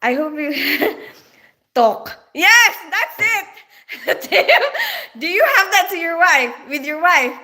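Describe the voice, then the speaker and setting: Her voice is high, pushed, and bright, yet unhurried. She is a Filipino-accented livestream host from the Philippines who reads the chat aloud, laughing and greeting viewers by name in easygoing talk.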